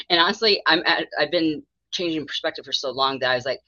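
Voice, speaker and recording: Very low-voiced chatty woman therapist. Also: fairly quick, sharp tone, no room sound, muffled recording. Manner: chatty, rambling, laughs often, acts out her own thoughts. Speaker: mental health therapist, guest. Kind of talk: candid podcast interview.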